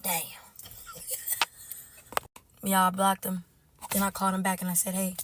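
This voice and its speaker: Animated slangy woman telling a storytime. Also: mid-range voice, a little slow, pauses often, slight background noise. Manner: animated, slangy, laughing asides. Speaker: storytime creator. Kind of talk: casual storytime vlog.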